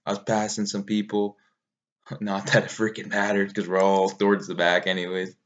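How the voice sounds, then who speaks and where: Laid-back low-voiced man rambling. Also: completely flat delivery, normal speed. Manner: rambling, laid-back, swears casually, laughs at himself. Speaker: ultramarathon runner recounting a race. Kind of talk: casual recap vlog.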